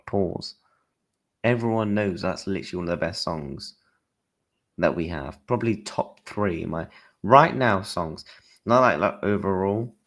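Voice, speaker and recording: A young man chatting casually on a football livestream, telling stories animatedly in blunt slang with mild swearing. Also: deep voice. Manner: animated storytelling, acting out his own and others' lines.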